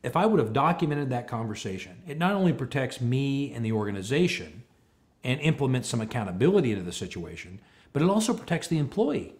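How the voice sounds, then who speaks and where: A man giving a talk on leadership, telling a story with lively, animated delivery and acting out both sides of a conversation. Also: mid-range voice, brisk. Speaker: speaker on leadership.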